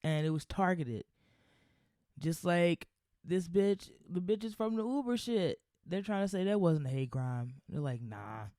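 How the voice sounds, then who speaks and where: Solo podcast host, hot-tempered and profane, loose rambling delivery, mid-pitched voice. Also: lively intonation, measured pace, warm tone, dry recording, clean studio sound. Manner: heated, profane ranting.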